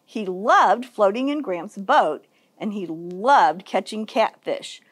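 A woman children's librarian reading a picture book aloud for story time, in an expressive, sing-song storytelling manner. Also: medium pitch, takes it slowly, husky.

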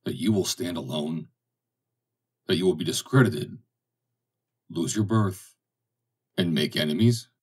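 A man reading the lines of a stern, calculating ship captain in a measured, commanding way, as audiobook dialogue. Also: deep voice, a little mellow, breathy edge, far from the mic. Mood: probing.

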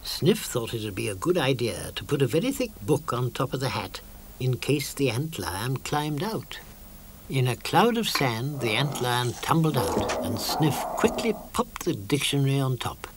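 An older British man narrating a children's cartoon in a measured storytelling manner. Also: medium pitch, very animated, very noisy. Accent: British English. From Britain. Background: music.

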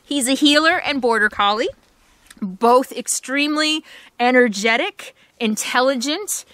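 A woman's voice: sits high, unhurried, a bit bright, dry recording. A woman vlogging casually from her RV, chatty with frequent laughter and doting puppy talk. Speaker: full-time RV vlogger. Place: inside an RV.

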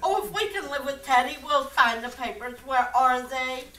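A woman's voice: high voice, expressive, moderate pace, sharp tone. A woman on stage playing a kindly, motherly elderly spinster aunt, heard from a far mic in an echoey hall. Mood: gentle, earnest. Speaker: stage actor. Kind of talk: amateur stage play.

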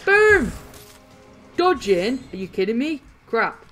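A woman with a fairly high voice talks her way through a video game, chatty and easily excited. She laughs often and reacts loudly to what happens on screen. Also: normal speed, soft background music. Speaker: gaming channel host. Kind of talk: casual gameplay commentary.

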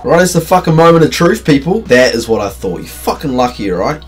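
A man ranting through gaming commentary at home, swearing constantly and laughing in bursts, his voice sitting at a middling pitch. Faint game music plays behind him. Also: sing-song, a little fast, breathy edge. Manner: loud, profane, ranting with frequent laughs. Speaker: gaming video creator. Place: at home, late at night.

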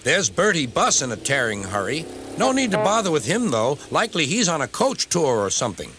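A man's voice: fairly high pitch, wildly swooping pitch, a little fast, fairly bright tone, slight background noise, voice pushed up. A man doing a sing-song, cheery fireman. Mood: offhand. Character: cheery, singing male railway fireman.

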